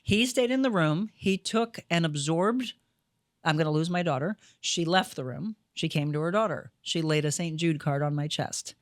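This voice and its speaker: A woman's voice: low-pitched, normal speed, dry recording, clean studio sound. Emphatic woman telling her story. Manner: energetic, emphatic, animated retelling. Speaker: guest, former news anchor and life coach. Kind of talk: conversational storytelling.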